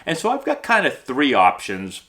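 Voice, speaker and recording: A male baseball instructor hosts his own vlog in a friendly, conversational tone. His voice is bright and animated, with a mid pitch that moves around a lot. He keeps tagging questions onto his points. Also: moderate pace. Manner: upbeat, conversational, constant "okay?" and "right?" check-ins.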